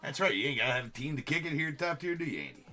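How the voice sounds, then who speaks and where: A man's voice: mid-range voice, big pitch swings, racing, pushed and bright, faint music behind. A man hosting a live-streamed trading card break, giving running commentary on each card and chatting with viewers, with frequent filler words.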